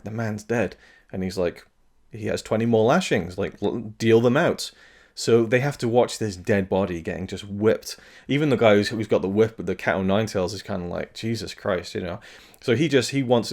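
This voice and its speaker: A man's voice: on the low side, darkish tone. A man giving a casual, rambling spoken film review, earnest and full of fillers and restarts, now and then swearing.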